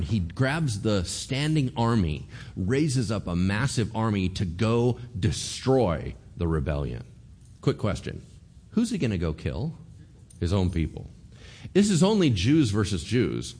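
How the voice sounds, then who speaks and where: Lively low-voiced male pastor preaching. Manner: animated, acts out voices of Bible figures. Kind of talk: sermon.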